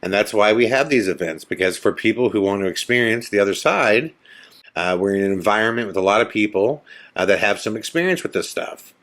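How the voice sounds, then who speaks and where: A man's voice: on the low side, brisk. A man hosting a podcast, telling a story casually and acting out the people he quotes. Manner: animated, acts out the people he quotes; loose, conversational with fillers like "you know" and "man". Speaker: podcast host.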